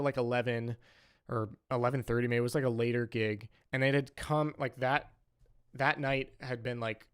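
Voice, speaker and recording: This saxophonist streamer is a young man whose medium-pitched voice sounds fairly bright and clean. Chatting loosely on stream, he wanders from point to point, leaning heavily on "like" and "um."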